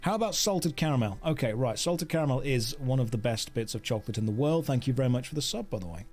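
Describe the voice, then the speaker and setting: A man's voice: medium pitch, expressive, quick pace, darkish tone, faint music behind. A man chatting playfully with viewers during a casual game stream, joking as he plays.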